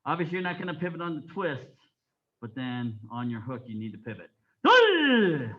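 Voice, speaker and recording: A man teaching a taekwondo class. He barks counts and commands and explains technique calmly in between. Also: medium pitch, fast talker, narrow, tinny audio. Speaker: taekwondo instructor. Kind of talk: coaching a martial arts class. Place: martial arts training hall.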